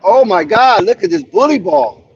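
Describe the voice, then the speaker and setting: A man co-hosts a sports watch-along, joking and calling plays as they happen. His voice is high for a man and swings around a lot. It comes through muffled and lo-fi. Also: expressive, a little hiss or hum. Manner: joking, quick play-by-play calls. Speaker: co-host and play-by-play caller. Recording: muffled lo-fi call audio.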